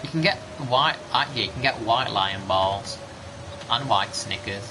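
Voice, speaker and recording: A man's voice: on the low side, measured pace. A man, rambling chattily through gameplay commentary with casual mild swearing. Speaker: gaming streamer. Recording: background noise.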